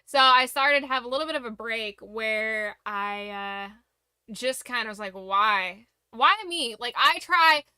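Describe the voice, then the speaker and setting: A woman's voice: a little high, unhurried, pushed and bright, clear, resonant tone, dry recording. A young woman streamer in a casual late-night chat, speaking candidly and reflectively about her struggles, rambling with restarts.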